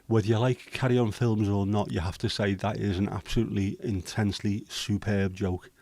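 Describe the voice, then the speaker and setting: A man's voice: fairly low pitch, flat delivery, brisk, creaky, warm tone, no room sound. A man with a Liverpool accent hosting a casual livestream, chatting through viewer comments with rambling, hesitant banter and the odd swear. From Liverpool, England. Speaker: livestream host.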